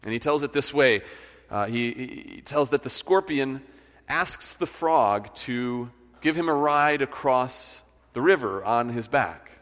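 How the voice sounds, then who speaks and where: A man's voice: mid-range voice, animated, slow pace, a bit bright. A male pastor preaching a sermon in a conversational storytelling manner, often restarting phrases. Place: church sanctuary. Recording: church hall reverb.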